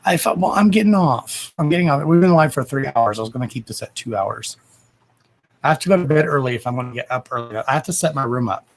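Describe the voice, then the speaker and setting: A man's voice: medium pitch, expressive, fast. A man hosting a psychic-medium livestream from home, wrapping up in a chatty, blunt way with some swearing and a lot of affection for his viewers. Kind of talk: casual livestream sign-off chat. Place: at home, indoors. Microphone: camera microphone on a livestream. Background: a dog and faint noise.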